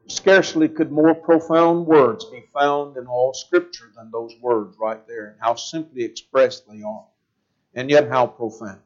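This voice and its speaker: A man preaching a sermon in a measured way, slowing down to stress key words. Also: medium pitch, lo-fi sound.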